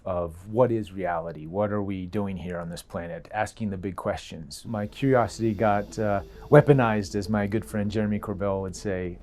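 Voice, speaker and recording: Low-voiced man in casual interview. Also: a little mellow. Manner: conversational, with frequent "uh" pauses.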